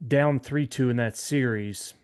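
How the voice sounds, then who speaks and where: A man's voice: medium pitch, unhurried, darkish tone, smooth. A man hosting a podcast interview, offering short encouraging responses and then leading into a casual question. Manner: brief encouraging backchannels, chatty. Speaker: podcast host.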